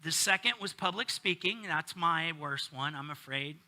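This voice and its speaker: A man's voice: a little high, normal speed, sharp tone, slight background noise. A middle-aged male pastor preaching a casual sermon, joking and bantering with his congregation.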